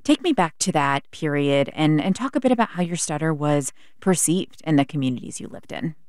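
A woman hosting a public radio interview show from a studio, speaking in a calm, measured way. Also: low-pitched, no echo.

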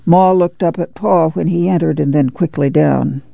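Woman narrating a novel, gravelly mellow voice, dull dry radio sound. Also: sits low, normal speed, dry recording. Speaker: audiobook reader. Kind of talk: audiobook reading on radio.

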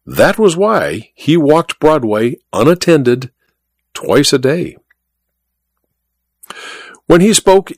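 Expressive male storyteller, dry close sound. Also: medium pitch, dry recording. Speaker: narrator. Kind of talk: scripted narration of a classic story.

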